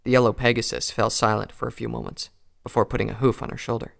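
A man reading a pony fan fiction story aloud in a calm, even storytelling voice. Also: mid-range voice, fast, vocal fry. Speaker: narrator.

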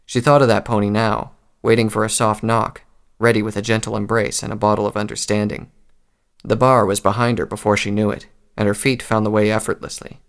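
A man reading a story aloud in a calm, measured narration. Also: lowish voice, smooth.

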